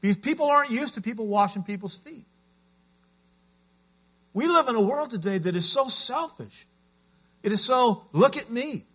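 A man's voice: very high voice, animated, normal speed, long pauses, a bit bright, husky. A man preaching a sermon as a pastor, telling stories in an earnest way.

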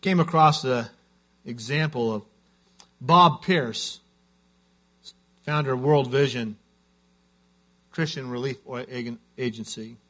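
A man's voice: mid-range voice, takes it slowly, pauses often, a bit bright. A man preaching a sermon as a pastor, telling stories in an earnest way.

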